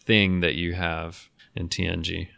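Deep, smooth-voiced male podcast co-host, casual, hesitant and musing. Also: little pitch movement, a little slow, a bit bright. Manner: thoughtful, hesitant with many restarts and laughs. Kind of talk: casual discussion.

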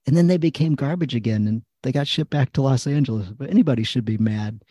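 A man's voice: medium pitch, quick pace, dark tone, husky, no room sound, clean studio sound. A man in casual podcast conversation, telling stories and acting out his own prayers and dialogue.

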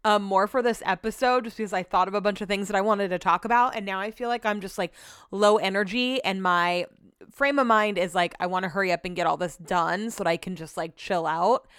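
A woman's voice: mid-range voice, brisk, a bit bright, clear, resonant tone, dry recording, clean studio sound. A woman hosting a casual solo podcast from home, talking candidly and chattily with lots of filler words. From Sacramento area, US. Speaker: podcast host.

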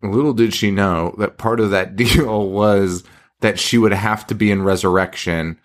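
A man's voice: lowish voice, fairly even intonation, normal speed. A man co-hosting a horror podcast in casual chat, loose and profane, leaning on "like" and "um" as he retells behind-the-scenes stories. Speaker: podcast co-host.

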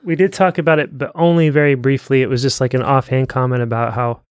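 A man co-hosting a podcast, chatting about a book in a relaxed, agreeable way. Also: medium pitch, fast, smooth, no echo, clean studio sound. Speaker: podcast co-host. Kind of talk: casual book discussion.

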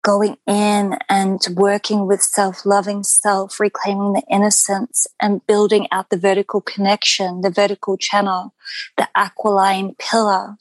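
Woman guest talking spiritual stuff real slow and flowing, pretty flat tone, dry close sound. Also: mid-range voice, no room sound, low-quality recording. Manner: slow, measured and flowing, with long chains of phrases and some ums. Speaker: podcast guest. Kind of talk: spiritual teaching in an interview.

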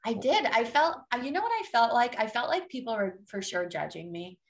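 A woman's voice: fairly high pitch, expressive, brisk. Woman guest, young adult, sassy and emphatic, pep-talk energy, casual interview. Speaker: podcast guest, fitness coach.

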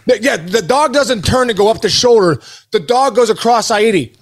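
A man co-hosting a podcast, telling an animated story full of dude and bro, acting out the voices of the people in it. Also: high voice, fairly quick. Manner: excitable, says dude and bro a lot. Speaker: podcast co-host.

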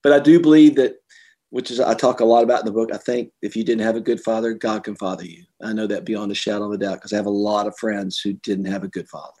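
A middle-aged man, an author being interviewed, telling personal stories earnestly and getting animated when he quotes others. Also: on the low side, fast. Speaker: author and guest. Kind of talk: conversational interview.

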